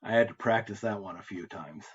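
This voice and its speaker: An American man teaching French reading speaks a little fast in a lowish, husky voice. In this recorded lecture, he reads French phrases aloud and then patiently explains the translations in English, and the lo-fi audio is slightly dull.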